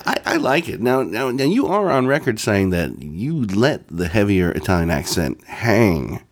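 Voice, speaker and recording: A man's voice: fairly low pitch, very animated, a little slow. A man co-hosting a podcast, speaking in casual chat with wry, teasing banter. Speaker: podcast co-host.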